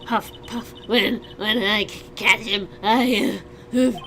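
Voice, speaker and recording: A woman voicing a cranky old woman who huffs and puffs and shouts after a boy in a video game. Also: mid-range voice, fairly even intonation, slow, a little hiss or hum. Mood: breathless angry. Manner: panting, breathless, shouty.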